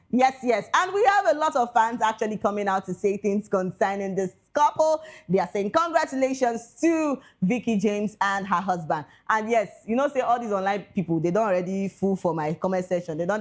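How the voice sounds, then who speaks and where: A young Nigerian woman with a Nigerian accent hosting casual celebrity gossip commentary, excitable, mixing pidgin with English, with big swings in pitch and loudness. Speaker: entertainment news host.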